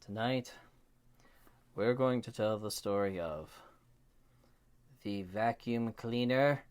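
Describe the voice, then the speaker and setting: A man telling his children a bedtime story, dropping to a hush and jumping up into shrieks. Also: mid-range voice, expressive. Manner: slow, hushed, then shrieking kid voices. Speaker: storyteller dad.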